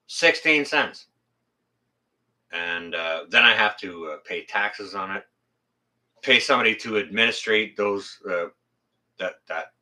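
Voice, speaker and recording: A man's voice: on the low side, bright, forceful tone. A man hosting his own channel, chatting casually with viewers on a livestream, blunt and plain-spoken and swearing freely, rambling and correcting himself as he goes. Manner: rambling, self-correcting delivery. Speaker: YouTube channel host. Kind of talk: casual livestream chat reading viewer comments.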